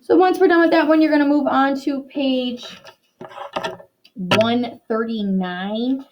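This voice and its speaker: A young woman with a high-pitched voice teaches young children a reading lesson, upbeat and encouraging, slowing down to model words clearly. The recording is muffled with a noisy background.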